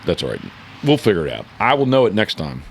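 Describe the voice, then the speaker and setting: Man, podcast host, casual chat, rambling, self-correcting, low voice, faint background noise. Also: wildly swooping pitch, quick pace. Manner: rambling, corrects himself often. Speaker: podcast host and decoy carver.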